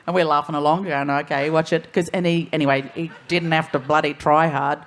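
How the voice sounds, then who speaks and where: A woman's voice: low-pitched, fairly even intonation, brisk, noisy background. An Australian woman speaking frankly on a festival panel, wandering through her points and swearing casually. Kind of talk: candid panel talk.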